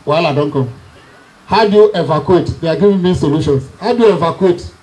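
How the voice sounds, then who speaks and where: High-voiced Nigerian man telling family stories. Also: fast talker, darkish tone, rough recording. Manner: chuckling storyteller, teasing the audience. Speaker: family member speaking at a reunion. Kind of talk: humorous anecdotal speech.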